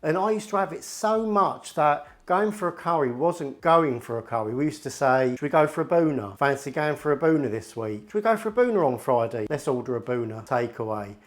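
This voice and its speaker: A man hosting a home cooking video, chatting casually and joking to the camera. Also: on the high side. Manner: chatty, jokey, talks to camera in asides. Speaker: cooking channel host. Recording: music playing underneath.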